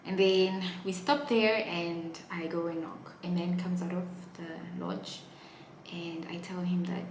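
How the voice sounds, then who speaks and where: A young woman from Namibia telling a story on her vlog, dramatic, moving between hushed asides and loud exclaiming. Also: lowish voice, little pitch movement, a little slow, background noise. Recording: echoey room with faint ambience.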